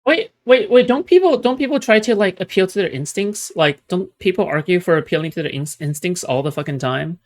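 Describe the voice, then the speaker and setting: A man's voice: high-pitched, animated, a little fast, hardly any pauses. Male co-host, casual reaction chat, incredulous and profane. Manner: incredulous, profane, laughing asides.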